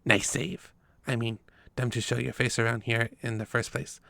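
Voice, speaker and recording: A man putting on a gravelly, sardonic vampire informant. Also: medium pitch, flat delivery, normal speed, pushed and bright, dry recording. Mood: gruff. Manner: blunt, dry sarcasm. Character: gruff older male vampire informant, sardonic.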